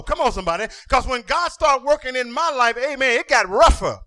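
High-pitched bright-voiced preaching man. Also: expressive, a little fast, hardly any pauses, no echo. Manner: call-and-response preaching, sing-song shouted climaxes. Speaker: pastor. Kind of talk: sermon.

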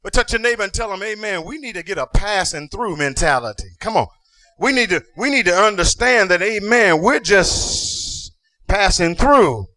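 A man preaching a sermon as pastor, calling out to the congregation and rising into sing-song shouted climaxes. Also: sits high, lively intonation, normal speed, no echo.

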